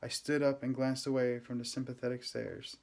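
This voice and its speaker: A man reading a first-person novel aloud, with steady, gentle, unhurried storytelling. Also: mid-range voice, creaky. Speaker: audiobook reader.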